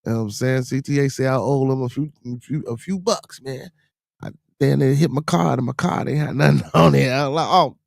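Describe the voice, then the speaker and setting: A man hosts a casual livestream. He talks at a middling pitch and keeps pleading with chat for support and shouting out his regulars. The sound is close and dry, with no room around it. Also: fairly quick, vocal fry, no echo. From Chicago area. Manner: animated, begs chat for super chats and shouts out supporters. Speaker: livestream podcast host.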